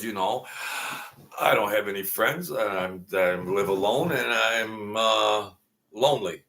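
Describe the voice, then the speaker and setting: A middle-aged man, his voice lowish and a bit bright, hosts a laid-back late-night livestream from home. He rambles and jokes, reminiscing often, and uses lots of fillers.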